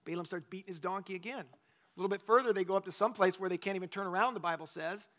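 A man's voice: high voice, fast, fairly bright tone. A male pastor preaching a conversational sermon, often asking the congregation questions.

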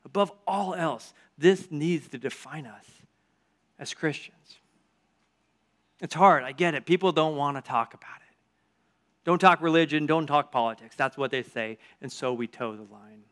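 A man delivers an energetic sermon to a church group. His voice sits a little high, and he moves between earnest appeals and casual storytelling asides, pushing hard on key words. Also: moderate pace.

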